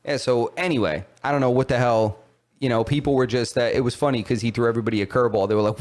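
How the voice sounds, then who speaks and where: A man's voice: medium pitch, fast. A young man co-hosting a podcast, chatting casually and acting out quotes in a raised, laughing voice. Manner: animated storytelling, acts out quotes in a raised voice with laughs. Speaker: podcast co-host. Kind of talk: casual chat.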